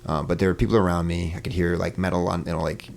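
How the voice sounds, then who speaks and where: Man, very low voice, gravelly, casual storytelling, lots of fillers. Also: quick pace. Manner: relaxed, many fillers, acts out quoted voices. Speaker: podcast guest.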